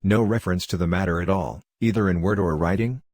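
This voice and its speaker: Secretive, insistent middle-aged colonel, read by a man in a low, dry voice. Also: fast, darkish tone, dry recording. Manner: insistent, probing.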